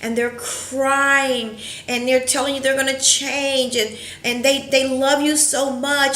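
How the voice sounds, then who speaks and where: A woman counselor giving an earnest, reflective educational talk, pausing often with fillers. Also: sits high, fairly even intonation, bright, forceful tone. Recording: roomy echo.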